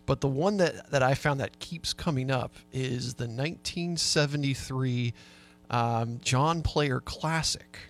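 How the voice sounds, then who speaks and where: A man's voice: mid-range voice, a little slow. A man co-hosting a sports talk radio show, easygoing, sharing researched facts with hesitant fillers. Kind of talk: casual sports radio chat.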